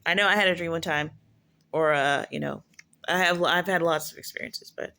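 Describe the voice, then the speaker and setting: Low-voiced woman musing on spirit matters. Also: normal speed, creaky, pushed and bright. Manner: rambling, full of "like" and "you know" fillers; musing, self-correcting storyteller. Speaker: prophetess sharing spiritual musings. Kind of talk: casual spiritual monologue.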